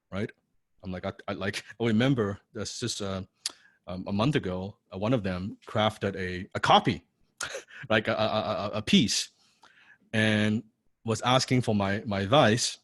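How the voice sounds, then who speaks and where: A man's voice: fairly low pitch, unhurried, a bit bright, no echo. A man coaching a live online class, blunt and profane, repeating key lines and often asking "right?". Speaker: copywriting coach.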